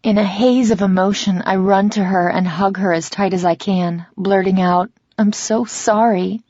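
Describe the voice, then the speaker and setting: A woman reading a first-person romance audiobook in a measured, reflective way, in a slightly dull, dry recording. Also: medium pitch, steady tone, a little mellow, dry recording. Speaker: audiobook narrator.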